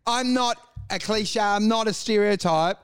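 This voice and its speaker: Australian man, young, high clear voice, sweary ranting co-host. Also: measured pace. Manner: profane, mocking, animated rants. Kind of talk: casual chat.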